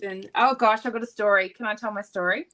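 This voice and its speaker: A woman's voice: medium pitch, fast. A woman in her thirties with an Australian accent, co-hosting a casual chat and telling stories with frequent laughter. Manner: laughs often, animated storytelling. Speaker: co-host.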